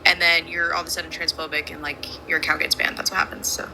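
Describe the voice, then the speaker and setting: Fast-talking woman arguing her point. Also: low voice, little pitch movement, background noise. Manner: fast, argumentative, talks over others. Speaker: debate guest. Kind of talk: casual debate call.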